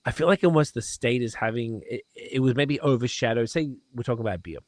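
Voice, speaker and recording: A man's voice: medium pitch, a little fast, a little mellow, no echo. A man hosting a beer podcast, chatting enthusiastically, swearing casually and restarting his sentences often. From from outside New York State. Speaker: podcast host.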